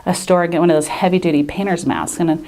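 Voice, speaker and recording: A woman speaking as a patient in an unscripted testimonial, hesitant and earnest, pausing often with fillers and restarting her sentences. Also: fairly low pitch, mellow. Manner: earnest and grateful.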